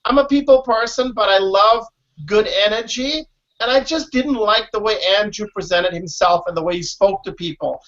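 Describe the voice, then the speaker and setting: A man's voice: high voice, moderate pace, fairly bright tone. A man, a guest in a casual interview, talking emphatically and often saying "listen" and "you know what I mean.". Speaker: guest, former reality show contestant. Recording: dull lo-fi recording.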